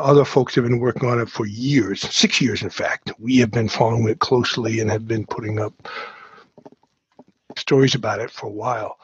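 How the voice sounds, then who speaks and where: A man's voice: medium pitch, slightly rough, no echo. A man with a Boston accent hosting a climate podcast interview, explaining things step by step in an earnest way. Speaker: podcast host. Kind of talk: casual interview. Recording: muffled, lo-fi dry audio.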